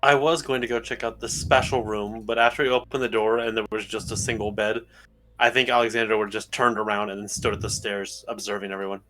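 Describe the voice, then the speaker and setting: A man describing his character's plans in a tabletop game. He speaks calmly, in a somewhat low but bright voice. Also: a little fast, a little hiss or hum. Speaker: player. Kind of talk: casual tabletop role-play.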